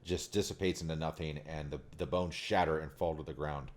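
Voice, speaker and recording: A man's voice: a bass voice, steady tone, a little fast. A man running a tabletop game as dungeon master, narrating the action and laughing often with his players.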